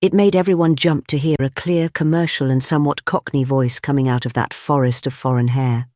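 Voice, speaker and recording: A male audiobook narrator with a middle-pitched voice and a measured, expressive delivery. The recording is dry and close, with no room sound. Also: dry recording. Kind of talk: scripted narration.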